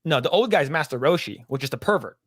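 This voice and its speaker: A man's voice: fairly high pitch, lively intonation, fast, no echo, studio quality. Rambling man retelling a cartoon plot. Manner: rambling storyteller, acts out quoted lines, swears freely. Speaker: podcast co-host.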